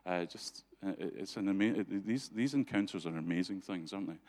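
A man gives a church talk full of stories. He is chatty and often laughs, and he restarts his sentences a lot. His voice sits a little low. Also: brisk, darkish tone. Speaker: church speaker. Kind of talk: anecdotal storytelling talk.

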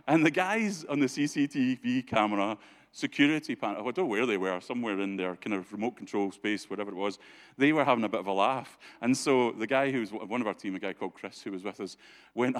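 A man telling stories in a church talk, chatty, often laughing, with many restarts and fillers. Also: medium pitch. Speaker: church speaker. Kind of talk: anecdotal storytelling talk.

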